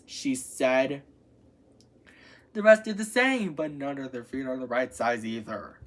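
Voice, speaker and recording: A woman hosting her channel, reading a parody fairy tale aloud with lively storytelling, stumbling over long names. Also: a bass voice, unhurried.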